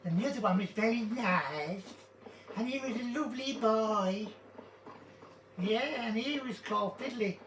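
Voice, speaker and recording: A man's voice: high-pitched, measured pace, fairly bright tone. An older man chatting in a rambling, jokey way while he plays a game. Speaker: gaming video host. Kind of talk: casual chat while playing. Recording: roomy, distant mic, noisy background.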